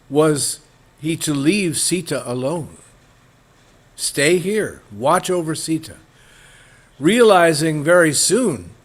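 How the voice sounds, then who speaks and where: A man giving a storytelling religious lecture, halting with fillers and acting out characters. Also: on the high side.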